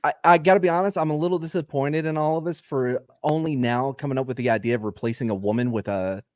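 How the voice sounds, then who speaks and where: A man's voice: medium pitch, fast, no echo, clean studio sound. A man chatting casually on a podcast panel, rambling with restarts. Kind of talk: casual chat.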